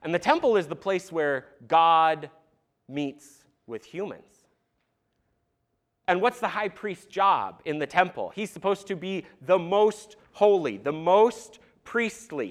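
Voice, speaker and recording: Young guy pastor giving a sermon, fairly high voice that swoops around a lot, chatty with the crowd. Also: slow pace. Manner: animated, conversational preaching with asides to the congregation. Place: church sanctuary.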